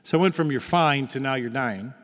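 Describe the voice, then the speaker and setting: A man in his fifties giving a faith testimony to an audience, telling his story in a lively way and acting out the dialogue. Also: mid-range voice, fairly quick. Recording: long hall reverb.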